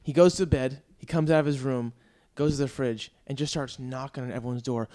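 A man's voice: medium pitch, brisk. A man hosting a podcast, telling a joking story about an old roommate. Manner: animated, joking. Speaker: podcast host. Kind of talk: casual storytelling.

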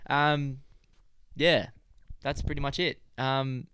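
A man's voice: mid-range voice, little pitch movement, slow, a bit bright, a little hiss or hum. A young man hosting a podcast in a laid-back, slangy chat. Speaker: podcast host. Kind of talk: casual chat.

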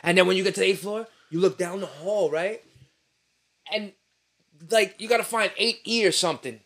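Animated New man telling stories. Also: high voice, moderate pace. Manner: animated storyteller, profane street slang. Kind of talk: casual chat.

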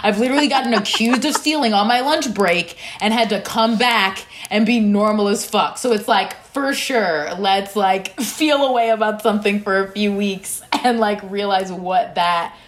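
A woman's voice: medium pitch, normal speed, few pauses. A woman from Florida, a podcast guest, telling stories in casual chat. She swears freely and laughs often.

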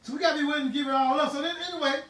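High-voiced man preaching fervently. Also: steady tone, rapid-fire. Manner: fervent, emphatic preaching with bursts of shouting. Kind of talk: sermon. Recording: roomy, distant mic, faint ambient noise.

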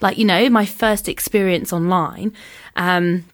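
A woman's voice: fairly low pitch, steady tone, unhurried. Chatty woman telling a story. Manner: chatty, acts out quoted dialogue with lots of "like". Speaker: podcast guest. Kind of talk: casual anecdote telling.

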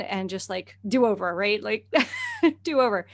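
A chatty middle-aged woman tells a story in a relaxed conversation. She talks animatedly, laughs often and fills her sentences with "you know" and "like". Her voice sits at an ordinary pitch for a woman. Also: fairly quick, no room sound. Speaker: guest herbalist and naturalist.

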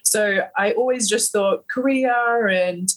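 A woman's voice: medium pitch, slow pace, poor audio. A woman from Queensland with an Australian accent, a guest on a podcast interview, telling stories bluntly and animatedly and swearing freely. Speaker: guest, fighter.

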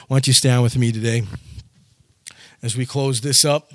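A man delivers a sermon in an earnest preaching manner, circling back to repeat key phrases. His voice sits at an ordinary middle pitch. The sound is close and dry, with little room around it. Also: fairly even intonation, normal speed, long pauses, a bit bright, no room sound. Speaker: pastor.

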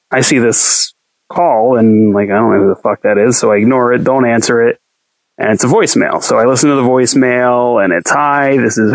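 In a low-quality recording, a young home cook with a mid-range voice spins a lengthy, profane yarn as an interview guest. He's casual and meandering, animatedly performing the dialogue he quotes.

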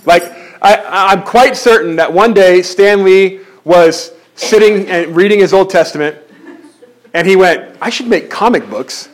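A man preaching a sermon as pastor, conversational and animated, often restarting his sentences. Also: high voice, measured pace.

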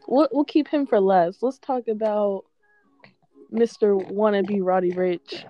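A woman in a casual chat, telling an animated, profane story and quoting what others said. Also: mid-range voice, measured pace, poor audio.

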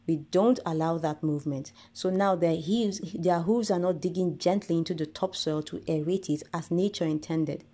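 A woman with a low, mellow voice delivers an earnest podcast monologue. She speaks deliberately and builds her points through rhetorical lists. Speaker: podcast host.

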